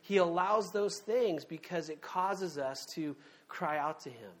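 A man's voice: a little high, unhurried. A man preaching a sermon as a pastor, talking conversationally and emphatically with frequent fillers and asides.

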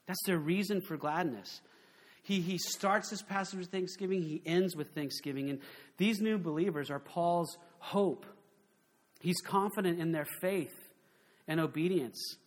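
High-voiced man preaching a lively sermon. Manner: animated, conversational preaching with rhetorical questions. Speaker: pastor.

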